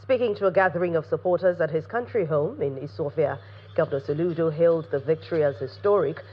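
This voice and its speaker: A man with a Nigerian accent reading a scripted TV news report in a measured, formal way. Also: fairly high pitch, a little hiss or hum. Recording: dull broadcast audio with music bed.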